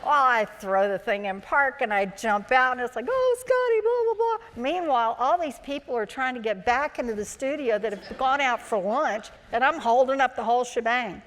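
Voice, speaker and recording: A woman's voice: a little high, moderate pace, few pauses, a bit bright. A woman in her sixties, a former child actor, telling chatty anecdotes on stage at a live interview, acting out the voices she quotes. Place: large auditorium, live event. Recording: live hall with long reverb.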